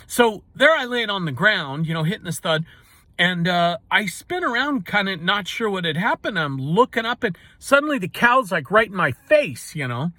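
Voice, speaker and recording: A man with a fairly high, very animated voice tells a personal story in a relaxed, folksy ramble. He keeps dropping in casual asides, and the sound is close and dry, with no room around it. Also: no room sound. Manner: folksy and rambling, full of "you know" asides. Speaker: storyteller and channel host.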